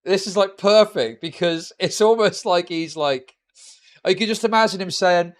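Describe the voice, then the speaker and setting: A man's voice: high-pitched, lively intonation, normal speed. A young man streaming live reaction commentary, profane and mocking with sarcastic asides.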